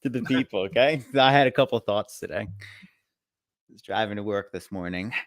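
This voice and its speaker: A man's voice: on the low side, moderate pace, dry recording, studio quality. A young man co-hosting a podcast, chatting casually, telling stories and swearing freely. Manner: loose, swearing, storytelling banter. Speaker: podcast co-host.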